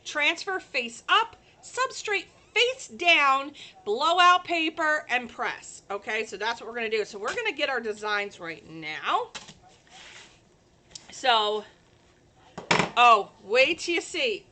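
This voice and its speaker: Bubbly high-voiced woman crafting host. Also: slow pace, a little hiss or hum. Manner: bubbly, animated, talks straight to viewers. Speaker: craft live-stream host. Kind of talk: chatty live-stream crafting demo.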